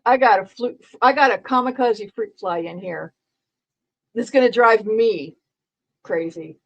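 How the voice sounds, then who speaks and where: A woman's voice: mid-range voice, unhurried, lo-fi sound. A woman live streamer chatting casually with her viewers, rambling, joking and repeating herself as she talks to the chat.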